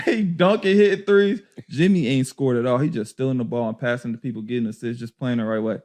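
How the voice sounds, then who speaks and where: A man casually telling a story on a podcast, slangy and animated, often laughing. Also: medium pitch, a little fast. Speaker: podcast guest, former player.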